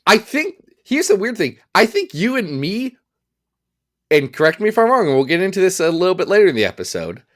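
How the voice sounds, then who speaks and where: A man's voice: high voice, huge pitch swings, a little fast, a bit bright. A man co-hosting a comics podcast in casual, joking chat, playful and self-mocking. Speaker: podcast co-host.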